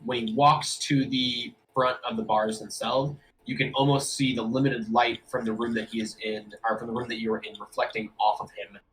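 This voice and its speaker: A man running a tabletop game as game master, talking in a relaxed way with many fillers. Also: medium pitch, normal speed, hardly any pauses, a little hiss or hum, low-quality recording.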